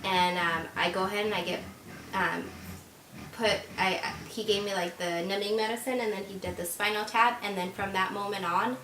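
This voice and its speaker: A young woman talks straight to her viewers, rushing through an emotional story with lots of likes and false starts. Her voice sits at a middle pitch. The room is echoey, with a faint rumble underneath. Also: steady tone, pushed and bright. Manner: emotional, fast-flowing retelling with many likes and restarts. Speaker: vlogger. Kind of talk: casual storytelling to camera.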